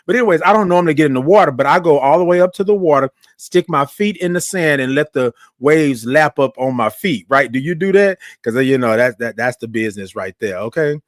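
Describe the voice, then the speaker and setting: A man hosts a morning live stream in a slightly high voice. He sounds friendly and loose, says "y'all" a lot, and stretches each viewer's greeting out into a slow, sung call. The recording is dry and close, with no room sound. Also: lively intonation, no echo. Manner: Southern-style informal speech, says "y'all". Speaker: host of a live morning show. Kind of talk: casual live-stream chat.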